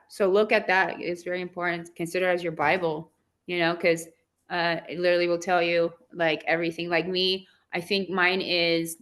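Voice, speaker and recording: A woman's voice: on the low side, a bit bright. A woman from Southern California with a valley girl accent, hosting a casual online chat, bubbly and chatty, laughing often. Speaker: host.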